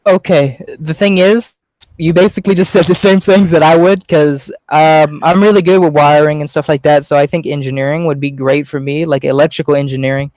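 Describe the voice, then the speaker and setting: Young guy, casual chat, loose and rambling, a touch high, close dry sound. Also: steady tone, brisk, a little mellow, dry recording, rough recording. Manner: rambling, filler-heavy, easygoing. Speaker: youtuber being interviewed.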